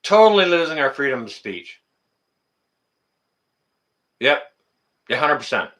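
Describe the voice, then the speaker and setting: A man's voice: mid-range voice, big pitch swings, measured pace, a bit bright. A man hosting a casual livestream, talking to viewers in the chat by name and ranting indignantly, often repeating his phrases. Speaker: livestream host.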